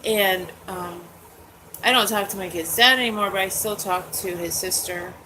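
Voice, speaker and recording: A forty-something woman talks openly in a relaxed, rambling way, filling gaps with "like" and "um". Her voice sits at a middle pitch. Clear background noise runs under the recording. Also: normal speed. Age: 40s. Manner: candid, chatty, lots of "like" and "um". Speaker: host. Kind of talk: casual chat. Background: dogs nearby.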